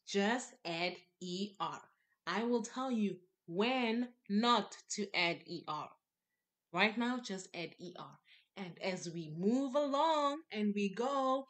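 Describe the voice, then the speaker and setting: A woman teaching an English grammar lesson, explaining patiently with lots of repetition and emphasis. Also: medium pitch.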